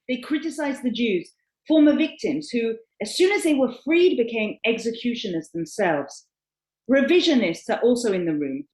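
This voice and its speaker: Woman, moderator, reading prepared account, expressive emphasis, lively pitch, echoey room. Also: moderate pace. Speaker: panel moderator recounting a personal account.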